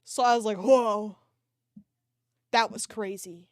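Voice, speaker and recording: A young-sounding woman talks loosely into a desk mic, her pitch jumping up and down as she rambles through a story and swears along the way. The sound is close and dry, with no room around it. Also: lively intonation, measured pace, dry recording. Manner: rambling, swears freely, laughs often. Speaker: art streamer. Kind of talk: casual livestream chat. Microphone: desk microphone.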